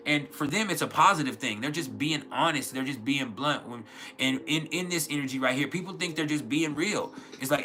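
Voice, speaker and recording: A man's voice: on the high side, brisk, pushed and bright. Loose-talking profane male livestream host. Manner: loose, profane, rambling with lots of fillers. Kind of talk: casual livestream chat.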